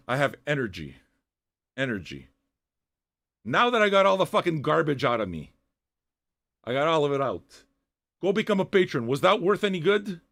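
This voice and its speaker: An older man with a high, gravelly voice, swearing loudly as he rants at his chat. His pitch leaps all over the place and his tone is sharp and tense. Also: big pitch swings, normal speed, long pauses. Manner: loud, swearing, half-shouting tirades. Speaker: livestream host reacting to music. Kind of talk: profane rant at chat viewers.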